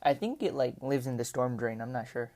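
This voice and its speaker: A woman's voice: very deep voice, animated, fairly quick, darkish tone. A woman telling a rambling, casual story over gameplay as a commentator, with lots of "like" and "right?". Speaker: gaming commentator.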